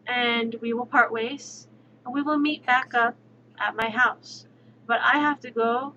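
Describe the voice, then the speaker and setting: A woman voicing a friendly, generous male tarantula in a folk tale, reassuring and quick. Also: a little high, pushed and bright, dull audio, slight background noise.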